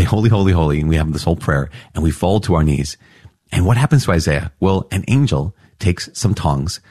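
Male preacher, very low husky voice, enthusiastic teaching delivery, dry close mic. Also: no room sound. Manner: enthusiastic, exclamatory, animated. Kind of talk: scripture reflection.

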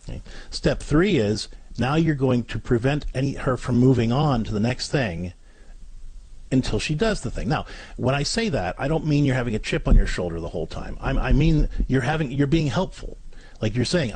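A man's voice: medium pitch, expressive, normal speed, breathy edge, no echo. A man co-hosting a parenting advice radio show, coaching callers step by step in an earnest way. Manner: earnest, coaching, acts out gentle parent scripts.

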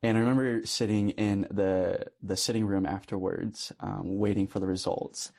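A young priest talks through a personal story in a relaxed, conversational way. He is earnest and laughs often, and his voice sits a little low. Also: normal speed, creaky. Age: young adult. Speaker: Catholic priest.

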